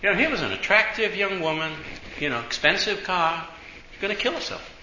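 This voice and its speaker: A man's voice: high voice, sing-song, fairly quick, muffled recording, background noise. Chatty man preaching in an echoey room. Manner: chatty, full of "you know", acts out voices in the story. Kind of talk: sermon with storytelling.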